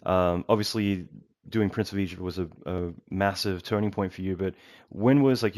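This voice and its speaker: Low-voiced host guy, chatty and rambly, dry close sound. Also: a little mellow, dry recording. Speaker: podcast host. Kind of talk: casual interview chat.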